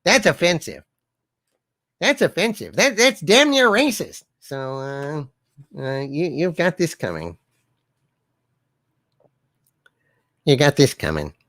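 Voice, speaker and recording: A man voicing Harvey, a wisecracking male sidekick who tells jokes and swings his pitch wildly. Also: very animated, unhurried, fairly bright tone, no room sound, clean studio sound. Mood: mock offended. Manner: joke-telling with big pitch swings.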